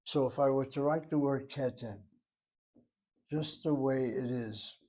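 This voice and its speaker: A man of middle pitch gives a Hebrew grammar lesson. He works patiently through each syllable and spelling, reasoning aloud like a teacher at a whiteboard. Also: unhurried, a little mellow. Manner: methodical, talks through each step aloud. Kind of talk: grammar lecture.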